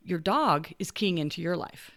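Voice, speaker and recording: Frank woman with a low gravelly voice. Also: lively intonation, moderate pace, a bit bright. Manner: frank, emphatic, blunt asides. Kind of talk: casual chat.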